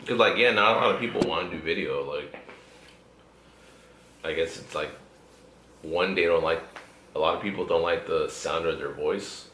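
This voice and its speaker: A young podcast host chats loosely in an echoey room with slight background noise, laid-back, profane and laughing often. His low voice is bright and forceful, at a moderate pace with frequent pauses.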